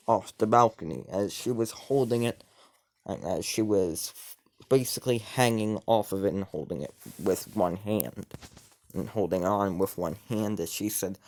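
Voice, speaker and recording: A man's voice: fairly low pitch, a little mellow. A man improvising a fantasy story in casual narration, rambling, with frequent restarts and self-corrections.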